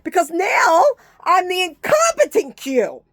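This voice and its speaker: A woman's voice: extremely high pitch, huge pitch swings, a little slow, a bit bright, no room sound, shouting, clean studio sound. Agitated woman ranting in fragments. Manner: agitated, profane, jumps between topics; speaks in fragments with frequent restarts. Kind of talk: rambling direct-to-camera rant.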